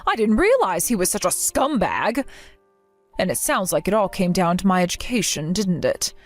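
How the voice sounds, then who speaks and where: A middle-aged woman playing a resilient mother who gently comforts her grown daughter. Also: mid-range voice, close to an everyday voice. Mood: gentle. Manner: gentle, reassuring.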